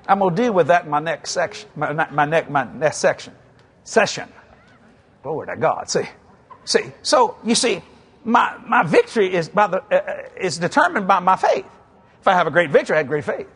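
High-voiced, animated preacher man. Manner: animated, shouting, acting out both sides of a story. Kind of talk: sermon storytelling. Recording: live with a faint crowd and noise.

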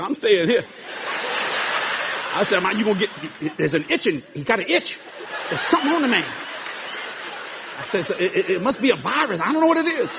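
A man telling comic church stories to a live crowd, laughing through his words in dialect. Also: high voice. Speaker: preacher telling a story. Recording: live, dull sound, loud crowd and noise.

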